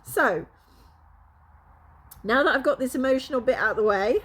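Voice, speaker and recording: A woman's voice: high-pitched, lively intonation, moderate pace, a bit bright, slightly rough. A woman, a spiritual coach, talking to camera in a casual vlog, passionate and emotional, laughing often and swearing freely.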